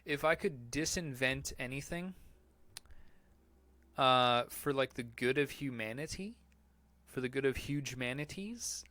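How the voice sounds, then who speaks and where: A man's voice: mid-range voice, a little slow, long pauses, bright, forceful tone, dry recording. A man hosting a casual live Q&A podcast, answering chat in a rambling, profane, joking way.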